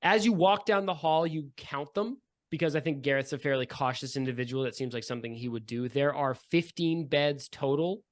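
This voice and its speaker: Animated male game master, slightly high voice. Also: brisk, few pauses. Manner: chatty, descriptive, many fillers. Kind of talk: narrating a tabletop game.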